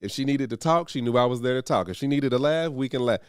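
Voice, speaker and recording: A man's voice: medium pitch, fast, clear, resonant tone, no room sound, studio quality. A man in his thirties co-hosting a podcast, telling stories animatedly and acting out the people he quotes. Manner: animated storyteller, acts out quoted voices. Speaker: podcast co-host. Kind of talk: casual chat.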